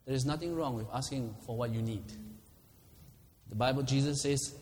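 A man's voice: medium pitch, normal speed, long reverb tail. A man preaching a sermon, laughing often and acting out quoted prayers.

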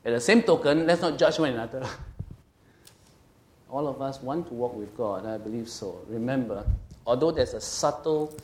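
A man's voice: medium pitch, moderate pace, slight background noise. A middle-aged man preaching a sermon as a pastor, conversational and emphatic, often checking in with his listeners. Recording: echoey room.

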